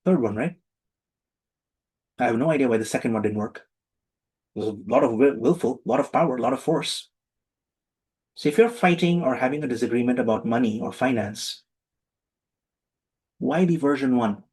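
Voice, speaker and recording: A man giving a lively, humorous spiritual talk to a live and online audience, acting out little voices for his jokes. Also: mid-range voice, moderate pace, long pauses, breathy edge, poor audio. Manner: playful, animated, acts out little voices for jokes.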